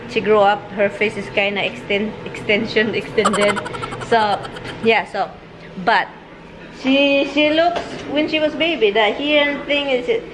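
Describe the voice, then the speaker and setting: A woman's voice: mid-range voice, noisy background. A woman from the Philippines, chatting casually at home in a rambling vlog and talking to her pets. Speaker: vlogger.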